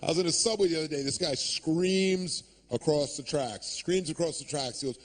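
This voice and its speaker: A man's voice: a little high, moderate pace, few pauses. A man performing a stand-up comedy set, sarcastic and ranting, cursing freely and acting out the people he quotes. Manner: profane.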